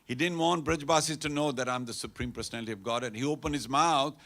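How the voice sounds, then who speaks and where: A man's voice: mid-range voice, quick pace, a bit bright. A man giving a conversational storytelling talk at a temple, acting out the characters in his stories. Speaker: temple speaker. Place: temple hall.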